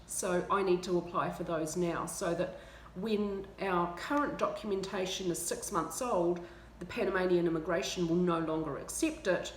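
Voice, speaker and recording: A woman's voice: mid-range voice, normal speed. Chatty New Zealand woman vlogging. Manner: chatty and self-mocking, laughs often. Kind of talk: casual chat to camera. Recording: roomy with faint ambient noise.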